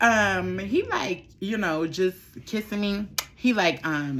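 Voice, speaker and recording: A young woman speaking, telling her followers a story in a casual, candid chat. She swears freely, repeats herself for effect, and talks in a slightly low register. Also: lively intonation, measured pace. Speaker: vlogger. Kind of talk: casual storytime while doing makeup.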